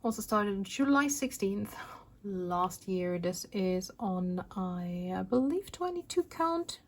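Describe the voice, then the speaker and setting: A woman's voice: medium pitch, lively intonation, slow. A woman hosting a casual needlework vlog, chatting in a rambling way with restarts and asides, and sounding out of breath. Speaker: flosstube host. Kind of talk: casual show-and-tell vlog.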